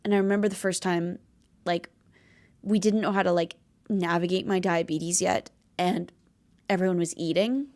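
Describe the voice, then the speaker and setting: A woman's voice: fairly low pitch, fairly even intonation, normal speed, a little mellow. A young woman hosting a podcast, talking in a casual, heartfelt and rambling way, with lots of filler words. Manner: earnest, rambling, filler-heavy, tearful at times. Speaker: podcast host.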